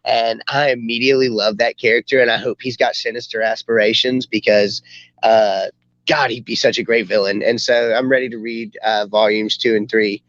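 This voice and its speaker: Guy rambling excitedly about a comic, dry dull-sounding mic. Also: mid-range voice, normal speed, no room sound. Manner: enthusiastic, rambling retelling. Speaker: podcast co-host. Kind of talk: casual chat reviewing comics.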